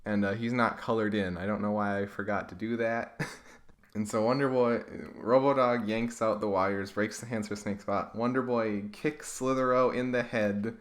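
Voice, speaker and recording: A man's voice: fairly low pitch, fairly even intonation, normal speed. A man giving sarcastic, comedic commentary as he reads through comics he drew as a kid. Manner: wry, sarcastic. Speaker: YouTuber reading his own childhood comics.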